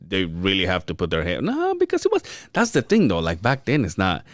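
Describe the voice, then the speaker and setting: Brief: male co-host from Mexico, very lively pitch, swears freely, dry close sound. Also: a little fast, dry recording. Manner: animated, profane, laughing storyteller. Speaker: podcast co-host. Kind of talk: casual podcast banter.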